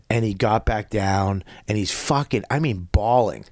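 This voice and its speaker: A middle-aged man with a Boston accent, a comedian guest telling profane, animated stories in casual podcast chat. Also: on the low side, normal speed, hardly any pauses, no echo, clean studio sound. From Boston area. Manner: profane, animated storytelling with acted-out quotes. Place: podcast studio.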